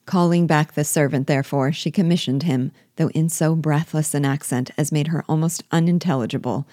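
A woman reading a classic novel aloud as a book guide, in a measured, clear storytelling manner. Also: deep voice, mellow, dry recording, clean studio sound.

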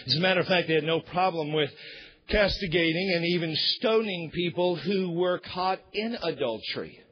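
Give me a high-voiced, husky preacher man. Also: normal speed, lo-fi sound. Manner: emphatic preaching, rising to shouts and dropping low. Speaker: pastor. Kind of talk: sermon.

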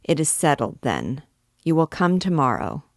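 Woman voicing a curt, harsh male priest, deep and slow, dry close sound. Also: very animated, no echo, exaggerated voice. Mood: cold. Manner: curt, cold. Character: stern impatient male priest, cold and harsh.

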